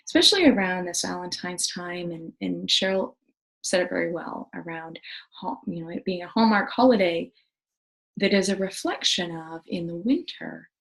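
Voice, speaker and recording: A woman's voice: on the low side, normal speed, vocal fry, poor audio. A middle-aged woman hosting a wellness video, talking earnestly and with enthusiasm, with many fillers and restarts. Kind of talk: casual talk to camera.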